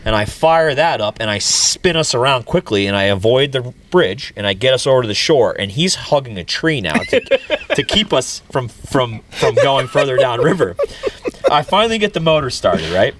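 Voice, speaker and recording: A man's voice: mid-range voice, very animated, normal speed, background noise. A man, telling a story in a casual talk show and laughing as he goes. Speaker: podcast host.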